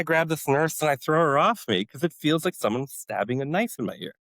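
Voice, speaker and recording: A man's voice: mid-range voice, lively intonation, fairly quick, few pauses, a bit bright, no room sound, low-quality recording. A man in his forties, a former special forces medic, telling his story as a podcast guest and acting out his own past outbursts. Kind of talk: storytelling interview.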